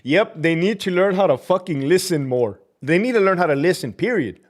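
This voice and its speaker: A man's voice: high-pitched, animated, fairly quick. Fiery, profane man with a raised voice. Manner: profane, heated, ranting; drops Spanish slang into English. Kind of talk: livestream rant reading viewer comments.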